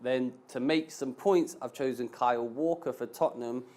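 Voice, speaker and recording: A man, a stand-up comedian guesting on a sports panel, calmly explaining his fantasy football choices. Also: mid-range voice, normal speed. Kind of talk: casual sports chat.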